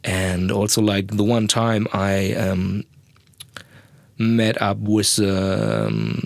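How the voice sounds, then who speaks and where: A man's voice: on the low side, animated, slow pace, gravelly, a little mellow, dry recording. A young man, a podcast host rambling crudely and mocking himself, recorded in a sound booth. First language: German. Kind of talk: casual monologue.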